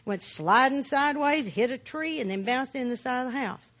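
A woman's voice: high voice, lively intonation, normal speed, a bit bright. A woman giving a personal testimony talk, telling her story bluntly and plainly with dry humor. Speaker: speaker sharing her recovery story.

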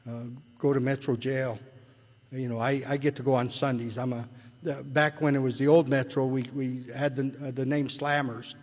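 A man's voice: medium pitch, flat delivery, normal speed. An older man speaking at a recovery meeting, telling his own story in a rambling, plainspoken way with many restarts and rising heat when he retells arguments. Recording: long hall reverb.

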